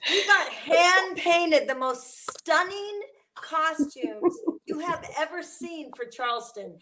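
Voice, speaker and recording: High-voiced woman over crowd noise. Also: slow pace, rough recording. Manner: lively storytelling with acted quotes. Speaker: former cast member. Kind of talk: reunion video call chat. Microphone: video call.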